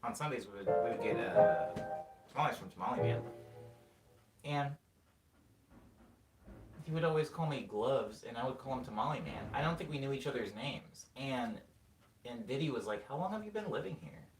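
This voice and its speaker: A man's voice: medium pitch, normal speed, pauses often, soft background music. A young man hosting a casual livestream, reading chat aloud and telling rambling stories while laughing often. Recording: roomy, mic at a distance, faint noise.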